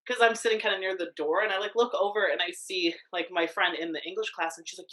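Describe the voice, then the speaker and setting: A young woman co-hosting a podcast, telling a story in casual chat, animated, swearing freely, with lots of filler words. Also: mid-range voice, quick pace, hardly any pauses, poor audio. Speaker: podcast co-host.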